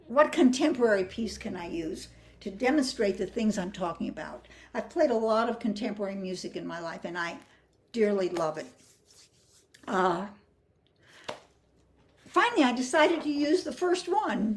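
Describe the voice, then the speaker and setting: A woman's voice: fairly high pitch, darkish tone. An older woman teaching flute phrasing, explaining patiently and singing rhythms and counting beats aloud. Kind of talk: music masterclass.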